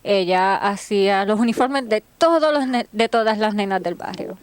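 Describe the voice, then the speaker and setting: Animated Puerto Rican woman guest. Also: mid-range voice, fairly quick, clean tone, no room sound. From Puerto Rico. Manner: animated storyteller, mixes Spanish and English. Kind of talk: casual chat.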